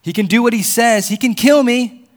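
A man voicing a small male lizard creature who begs frantically in a loud, raised voice. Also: moderate pace, in a large hall. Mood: frantic pleading. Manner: frantic, begging, loud and high.

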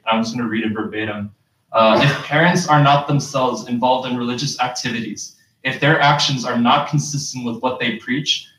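A young man delivers a sermon in a plain mid-pitched voice, earnest and patient, stopping often to ask the listeners questions. He sounds set back from the mic. His words ring through a large, echoing prayer hall. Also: a bit bright. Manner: earnest, explains step by step with rhetorical questions. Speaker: Friday sermon speaker. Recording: echoey hall, distant mic.

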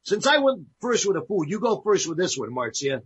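A man's voice: high voice, big pitch swings, brisk, a bit bright, lo-fi sound, slight background noise. A man co-hosting a casual chat show, jovially explaining phrases to listeners. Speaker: co-host. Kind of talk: casual radio-style chat.

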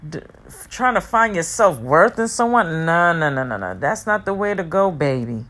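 A woman giving a heartfelt personal motivational talk, emphatic and repetitive, sometimes rushing her words. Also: on the low side, expressive, fairly bright tone. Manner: speeds up and slows down, talks fast at times.

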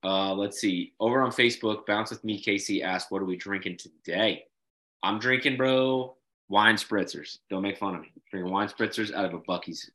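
A man's voice: fairly low pitch, moderate pace, bright, forceful tone. A young man hosting a casual business chat, swearing freely and saying "bro" and "like" constantly. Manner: swears often, says "bro" and "like" a lot. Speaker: bounce house business owner, podcast host.

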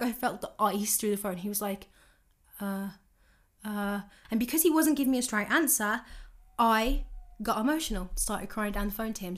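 A young woman telling a dating story and giving advice, acting out both sides of the conversations in a lively, candid way. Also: fairly high pitch. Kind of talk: casual storytelling monologue.

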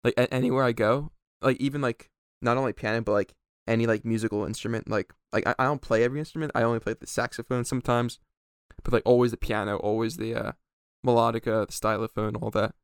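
A man's voice: mid-range voice, steady tone, fast talker, clean tone, dry recording, clean studio sound. A teenage boy chatting on a podcast with friends, rambling with lots of fillers. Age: teens. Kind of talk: casual chat.

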